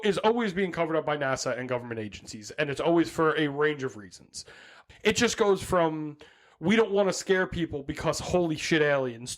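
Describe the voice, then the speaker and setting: High-voiced joking podcast host. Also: male voice, fairly bright tone. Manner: jokey, laughs often, reads notes then riffs. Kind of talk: casual comedic podcast chat.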